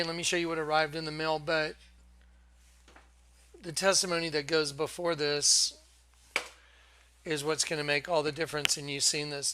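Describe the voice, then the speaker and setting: A man hosting his own religious video, giving an earnest, halting testimony to camera with many restarts. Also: fairly high pitch, bright, forceful tone, clear, resonant tone.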